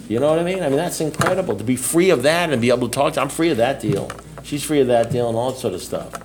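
A man's voice: medium pitch, slight background noise. A blunt, self-mocking middle-aged man speaking casually at a recovery meeting, rambling and often asking "you know what I mean?".

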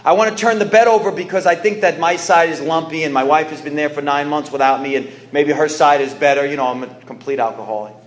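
A man's voice: on the high side, fairly even intonation, quick pace, hardly any pauses, reverberant, slight background noise. A man telling his recovery story to a meeting, in an earnest, conversational way with many restarts. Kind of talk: personal testimony talk.

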